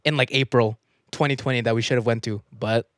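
A man's voice: medium pitch, a little fast, no room sound, clean studio sound. A young man co-hosting a podcast, chatting casually and laughing often. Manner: laughs often, animated slam-poem delivery. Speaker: podcast co-host. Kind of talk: casual chat.

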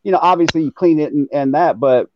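A man's voice: on the high side, quick pace, lo-fi sound, slight background noise. A man in casual chat, explaining things in a plain, matter-of-fact way.

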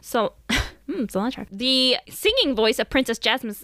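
Podcast co-host, woman, bright and sharp tone, very lively pitch, dry close mic. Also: moderate pace, no room sound. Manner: animated, laughs often, playful. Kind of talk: casual chat.

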